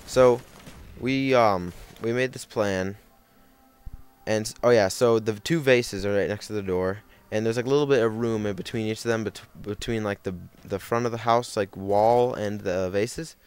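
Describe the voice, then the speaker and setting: A young man with a somewhat low, smooth voice tells a rambling story while playing a game. He keeps stopping to correct himself and leans on fillers. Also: normal speed. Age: young adult. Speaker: gaming commentator. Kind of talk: casual storytelling over gameplay.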